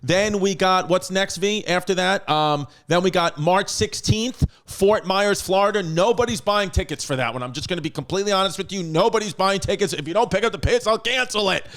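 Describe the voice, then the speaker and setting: A man's voice: sits high, fairly quick, few pauses, fairly bright tone. A man hosting a podcast in a casual, joking manner, rattling off dates and teasing his guest. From United States. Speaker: podcast host.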